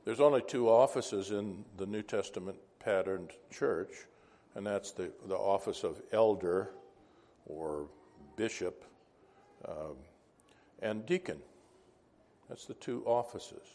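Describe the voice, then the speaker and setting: A man's voice: on the low side, slow pace, long pauses, mellow. A man teaching an informal Bible class, conversational and wandering into asides, asking the class questions.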